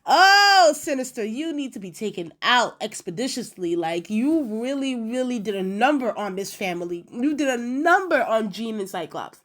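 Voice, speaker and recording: A woman in a casual episode review, chatty and animated, acting out quotes with lots of fillers. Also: a little high, moderate pace, few pauses. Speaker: video reviewer.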